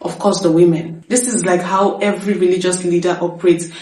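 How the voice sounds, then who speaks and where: A woman's voice: fairly low pitch, flat delivery, fairly quick, darkish tone. A woman hosting an opinion commentary, speaking firmly and repeating points for emphasis. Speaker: commentary host. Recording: echoey room, distant from mic.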